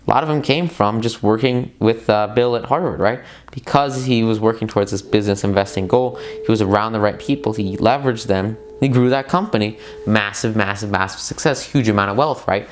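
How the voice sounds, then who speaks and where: An excitable man with a voice on the low side reviews a self-help book in casual motivational commentary. He's emphatic, repeats words for stress, and calls viewers "guys," rambling loosely with lots of fillers and side tangents.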